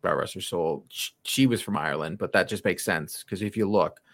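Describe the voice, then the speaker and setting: A man's voice: deep voice, dry recording. A man from Canada hosting a casual podcast chat, laughing often and restarting his sentences. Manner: laughing, animated, halting restarts.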